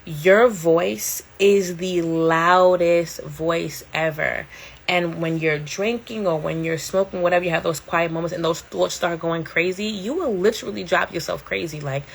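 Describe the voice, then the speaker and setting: Chatty candid woman with a low voice. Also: expressive, moderate pace, creaky, a little hiss or hum. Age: middle-aged. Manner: chatty and candid, laughs often, slangy. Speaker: livestream host. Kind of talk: casual livestream chat.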